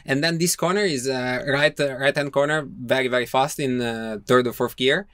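A man in his thirties from Italy with an Italian accent, chatting as a podcast guest in halting English, pausing often and laughing easily. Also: medium pitch, a bit bright, clean tone, dry recording, studio quality. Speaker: guest racer. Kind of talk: casual podcast chat.

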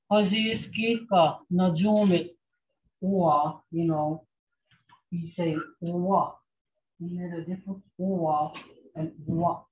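A woman teaching a language class online, speaking slowly and patiently and repeating phrases for her students. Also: on the low side. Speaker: language instructor. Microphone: video call. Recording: dull lo-fi video call audio.

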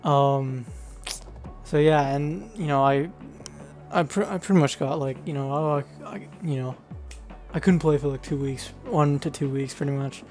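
A young man in his late teens talks casually over his gameplay in a fairly high voice. He rambles, stumbles through fillers and laughs between thoughts. Faint music plays under him. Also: unhurried, a little mellow. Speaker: gaming channel host. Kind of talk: casual gaming commentary.

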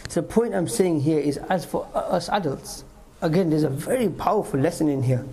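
In a mosque hall, a man gives a talk, retelling stories, acting out quotes and repeating his points emphatically. His voice is fairly high and warm, though the recording quality is low.

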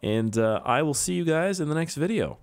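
Lively jokey young man gaming. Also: a little fast. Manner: jokey, talks to himself, sudden high-pitched outbursts. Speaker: gaming YouTuber. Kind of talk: casual gameplay commentary.

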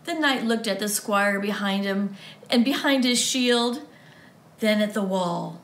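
Woman reading a story to kids, slow and expressive, echoey room. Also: mid-range voice. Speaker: children's ministry teacher. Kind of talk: reading a story aloud to children.

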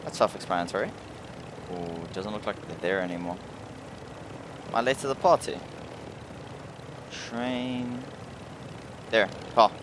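A man doing casual gameplay commentary who gets excitable, swears and yells when frustrated. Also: lowish voice, a little slow, pauses often, noisy background. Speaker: gamer. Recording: game music playing behind. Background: music.

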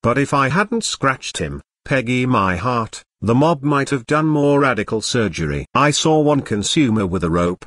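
Older swordsman father, read flat by a male computer voice; husky, dry. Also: medium pitch, normal speed, hardly any pauses, dry recording. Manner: synthetic text-to-speech reading. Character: gruff older man, a fencing father.

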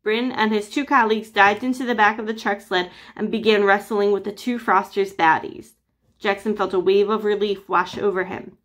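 A woman teacher reading a chapter book aloud to children with lively, expressive storytelling. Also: medium pitch, moderate pace.

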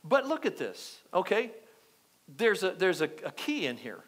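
A male pastor delivering an animated sermon in church, repeating phrases and checking in with the congregation. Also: high voice, normal speed. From United States. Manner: animated, repetitive preaching with asides to the congregation.

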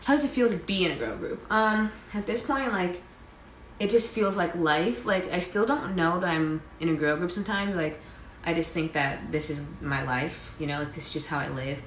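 A woman's voice: on the low side, normal speed, a bit bright, echoey room, slight background noise. A young woman, a girl group singer, chatting casually with viewers during a live stream from home, rambling with lots of "like" and "you know". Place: indoors at home, near a heater. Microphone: phone.

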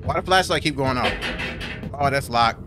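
A man's voice: mid-range voice, normal speed. A young man gives jumpy, slangy commentary while playing a horror game. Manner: jumpy, swears, slangy reactions. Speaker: gaming YouTuber. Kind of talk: horror let's play commentary. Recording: game music behind voice.

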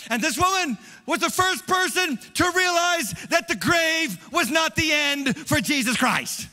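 A man preaching an Easter sermon as pastor, animated, dropping to a hush and then rising loud and fast. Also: extremely high pitch, big-room sound, faint music behind. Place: large church hall.

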